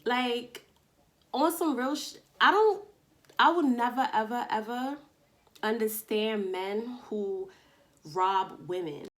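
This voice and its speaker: A woman from Long Island, casually telling a storytime vlog to camera at home, slangy and animated, acting out bits of dialogue. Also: on the high side, slow pace. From Long Island, New York. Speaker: vlogger. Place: indoors at home, daytime.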